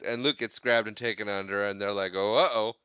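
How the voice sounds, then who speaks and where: A man's voice: on the low side, a little fast, smooth, dry recording. A man co-hosting a podcast, recapping a film in casual chat and acting out lines in funny voices. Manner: animated, acts out quotes in funny voices. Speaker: podcast co-host.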